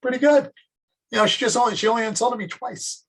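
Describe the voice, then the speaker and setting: A man's voice: fairly high pitch, fairly quick, breathy edge, pitched above the performer's own voice. A male teacher acting out a young man who talks himself into being happy that he was only insulted a little. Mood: relieved.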